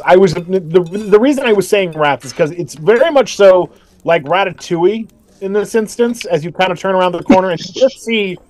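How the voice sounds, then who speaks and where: A man with a fairly high voice runs a tabletop game. He narrates loosely, rambling with plenty of fillers and stopping to correct himself mid-sentence. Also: a little mellow, no room sound. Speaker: game master.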